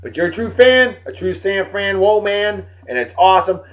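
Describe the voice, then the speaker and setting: A tired man giving joking, animated shout-outs to friends in a casual vlog. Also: sits high, normal speed. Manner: animated, joking sports banter. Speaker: vlog host. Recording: dull lo-fi recording.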